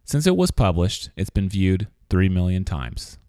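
A man with a lowish voice hosts a podcast. He reads a scripted introduction, then chats with his guest in a relaxed, conversational way. The recording is close and dry. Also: measured pace, no room sound. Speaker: podcast host. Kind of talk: scripted narration and casual interview.

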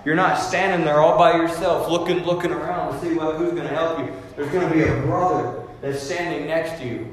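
A man's voice: on the high side, steady tone, brisk, few pauses. Man preaching in an echoing hall. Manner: emphatic, conversational preaching that acts out everyday voices. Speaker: pastor. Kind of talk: sermon. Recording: very echoey hall with long reverb.

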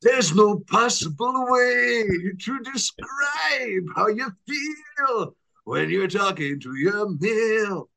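A man's voice: high-pitched, animated, takes it slowly, vocal fry, pushed and bright, pitched above the performer's own voice, exaggerated voice, poor audio. A man doing an impression of a famous actor belting a show tune in a strained, theatrical way.

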